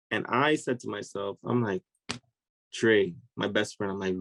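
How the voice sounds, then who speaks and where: A man, a podcast guest, telling a personal story in an animated, conversational way and acting out the voices of people in it. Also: medium pitch, fairly quick, no room sound, rough recording. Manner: vivid, acts out voices of people in his story.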